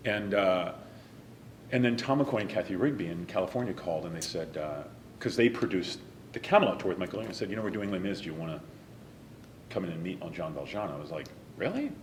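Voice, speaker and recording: A man, a stage actor, talking in an interview in an earnest, emotional way and dropping to a soft whisper at times. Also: low voice, fast, reverberant, a little hiss or hum. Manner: earnest and emotional, some lines softly whispered. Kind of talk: reflective interview talk.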